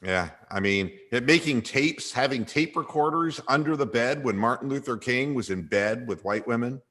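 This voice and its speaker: A man's voice: medium pitch, moderate pace, a bit bright. A man hosting a comedic sports talk radio show, sardonic and irreverent, with frequent sighs.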